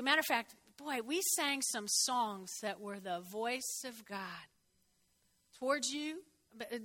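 A woman preacher delivering a conversational sermon, getting the congregation to repeat phrases after her and jumping in pitch for emphasis. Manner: expressive, jumps in pitch for emphasis.

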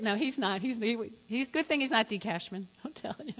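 Woman preacher, high bright voice, lively sermon, echoey hall. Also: fairly quick. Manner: lively, questioning the congregation, swings from quiet to loud.

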